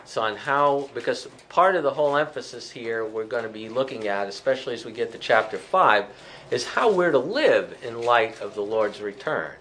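A man leads a small Bible study. He talks in an unhurried, thoughtful way, with plenty of "uh" and restarts as he works through the text. A soft hiss sits faintly under his voice. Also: medium pitch, animated. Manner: thoughtful, with many fillers and restarts.

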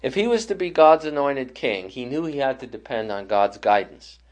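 A man teaching a Bible study group, voice sitting at an ordinary middle pitch. He talks things through thoughtfully, often stopping and restarting a phrase. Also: lively intonation. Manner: thoughtful, with frequent restarts and pauses. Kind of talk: leading a Bible study class.

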